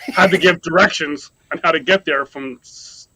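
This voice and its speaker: A man's voice: fairly high pitch, normal speed, sharp tone, husky, no echo, poor audio. A man from Ontario, Canada chatting as a guest, rambling through a story with many restarts. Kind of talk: casual chat.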